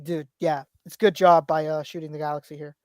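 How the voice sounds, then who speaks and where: A woman's voice: low-pitched, level tone, a little fast, darkish tone, no room sound, studio quality. Rambling woman hosting a casual chat. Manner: rambling, repeats phrases. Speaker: podcast host reading viewer chats. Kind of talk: casual toy-collector chat.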